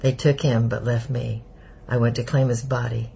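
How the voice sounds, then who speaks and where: A man voicing an elderly Jewish refugee who speaks with a German accent, slow, heavy and bitter. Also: mid-range voice, little pitch movement, creaky, warm tone, a little hiss or hum, natural voice, poor audio. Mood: grim. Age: older. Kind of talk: audiobook character voice.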